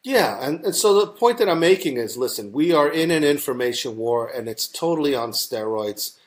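A man's voice: on the high side, expressive, normal speed. A man with a New York accent, a talk-show guest who rambles with many fillers and restarts. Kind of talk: casual talk-show conversation.

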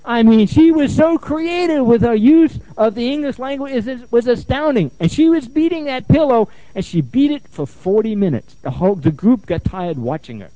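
Animated male therapist telling stories. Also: very high voice, normal speed, hardly any pauses, no room sound. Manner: animated storytelling, repeats phrases for emphasis. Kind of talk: lecture with anecdotes. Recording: dull, muffled lo-fi sound.

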